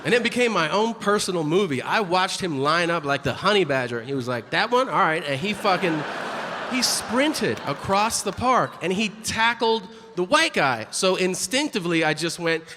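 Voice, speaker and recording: A man performing a stand-up comedy set, telling stories and acting out other people's voices and shouts. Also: sits high, normal speed. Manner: animated storytelling, acts out voices and shouts. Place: comedy stage before a live audience. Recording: live room with audience noise.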